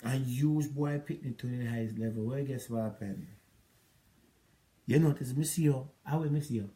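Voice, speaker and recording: A man's voice: mid-range voice, normal speed, mellow. A man with a Jamaican accent, ranting at an ex-partner in a rambling, repetitive, scolding monologue. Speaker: relationship advice vlogger.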